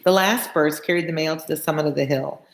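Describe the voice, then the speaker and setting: A woman's voice: low-pitched, fast. Chatty woman reading a novel aloud. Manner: chatty asides, explains old words plainly. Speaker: read-along tutor. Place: home room with a fan on. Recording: echoey room.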